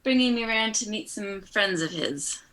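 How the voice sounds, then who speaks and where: A woman's voice: mid-range voice, animated, normal speed, a bit bright. A woman playing a tabletop game in character, improvising her answers tentatively. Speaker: player.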